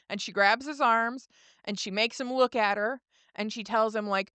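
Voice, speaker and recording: A woman co-hosting a podcast, retelling a show's scenes in a lively, laughing way. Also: on the high side, moderate pace, clean tone, dry recording. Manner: animated retelling with laughs and quoted lines. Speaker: podcast co-host. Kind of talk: casual recap chat.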